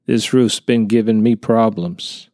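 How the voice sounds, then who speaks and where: A man's voice: lowish voice, a little slow, mellow, no room sound, studio quality. A man voicing a genial Southern neighbor, a retired counselor, with a folksy drawl in a storybook reading.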